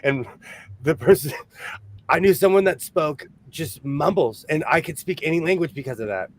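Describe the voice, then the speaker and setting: Fast-talking chatty man from Los Angeles. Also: fairly high pitch, animated, a little hiss or hum. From San Fernando Valley, Los Angeles. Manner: quick, chatty, laughs often, reads viewer comments aloud. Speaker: co-host of a sewing livestream. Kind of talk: casual livestream chat.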